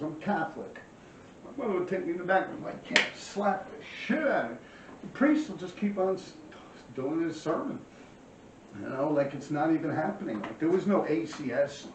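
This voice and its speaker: Filmed by a camera across a small apartment, the sound is distant, roomy, and dull, with slight background noise. The vlog host, a New Yorker in his forties with a matching accent, spins meandering, foul-mouthed street tales in a slightly high voice with vocal fry and a darkish tone.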